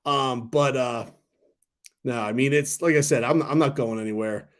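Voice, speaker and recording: A man in his thirties hosting a casual stock talk livestream, rambling and excitable, swearing freely. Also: medium pitch, normal speed. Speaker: stock talk channel host.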